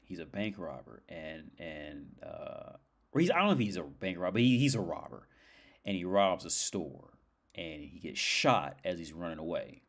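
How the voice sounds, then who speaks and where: A livestream host tells a story in casual chat, rambling, swearing, and leaning on lots of fillers. His voice is low-pitched and very animated, at a moderate pace.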